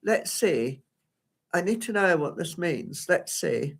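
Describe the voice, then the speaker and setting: A man's voice: a little high, very animated, slow pace, vocal fry, husky. A man giving a live solo performance at home, rambling and flustered as he talks to himself. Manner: rambling, flustered self-talk. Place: at home by a window.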